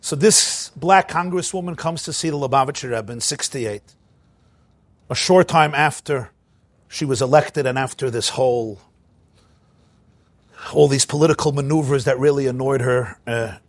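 A man giving a storytelling lecture, recounting events with animated emphasis and acting out quoted dialogue. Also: mid-range voice, unhurried, pauses often, no room sound.

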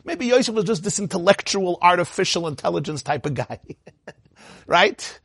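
A high-pitched man with a husky edge lectures as a Torah teacher, firing rhetorical questions and breaking into laughs. The sound is dry and close, with little room around it. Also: sing-song, moderate pace, a bit bright, dry recording.

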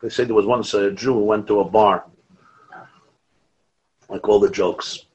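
A man teaching a Torah class as a rabbi, lively, quoting Hebrew texts and telling stories. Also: on the low side, measured pace, highs cut off. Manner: animated, quotes Hebrew and Aramaic texts, asides and restarts.

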